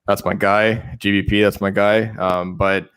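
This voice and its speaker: A man co-hosting a fantasy football show in casual chat, excitable and often stumbling and repeating words. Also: fairly low pitch, a little slow, smooth. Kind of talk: casual sports betting chat.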